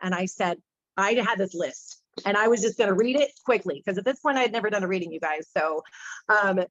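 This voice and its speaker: A woman speaker and medium telling stories in a chatty, animated way, acting out the people she quotes. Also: mid-range voice, a little fast, no room sound. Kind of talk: casual storytelling talk. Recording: dull muffled sound, dry room.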